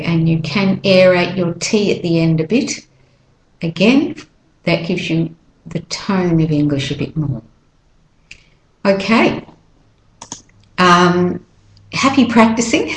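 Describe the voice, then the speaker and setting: Woman pronunciation teacher, low voice, unhurried and deliberate, in an echoey room. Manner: slow, clear, repeats example words with drawn-out stress. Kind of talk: pronunciation lesson.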